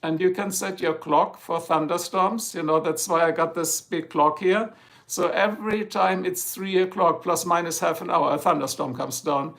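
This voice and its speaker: A man's voice: a little high, creaky, a bit bright. A man with a heavy German accent, German his native language, chatting casually and rambling jokily on a home livestream. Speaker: livestream host. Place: home, Ohio.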